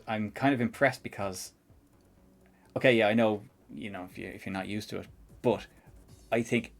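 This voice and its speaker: A man's voice: fairly low pitch, creaky. A man with a Northern Irish accent, streaming a live coding tutorial and chatting in a rambling, chuckling way. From Northern Ireland. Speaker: programming streamer.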